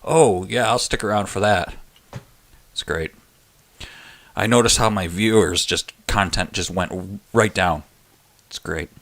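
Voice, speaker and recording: A male live stream host chats casually with his viewers. He has a lowish voice with a bright, forceful edge. He jokes around and laughs often as he answers the chat. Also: fairly even intonation, moderate pace, few pauses. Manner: chatty and joking, laughs often.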